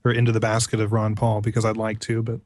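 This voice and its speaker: A man's voice: lowish voice, monotone, fast talker, a little mellow, no echo, clean studio sound. A man co-hosting a casual chat show, dropping sardonic quips.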